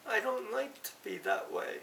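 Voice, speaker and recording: Middle-aged woman, very gravelly voice, tense tone, tearful and halting, roomy distant recording with faint hiss. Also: on the high side, wildly swooping pitch, a bit bright. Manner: halting, tearful, self-correcting. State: emotional, close to tears. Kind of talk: emotional personal confession.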